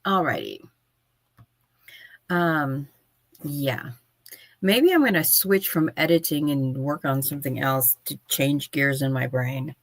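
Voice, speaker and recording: A woman's voice: low voice, slow, long pauses, no echo. A woman hosting a writing livestream from her home office, chatting casually and sleepily, yawning between remarks. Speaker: livestream host.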